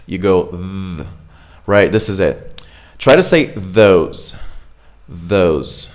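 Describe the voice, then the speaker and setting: A man giving a live pronunciation lesson, demonstrating sounds slowly and repeating words, checking in with "right?". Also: sits low. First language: Russian. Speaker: accent coach.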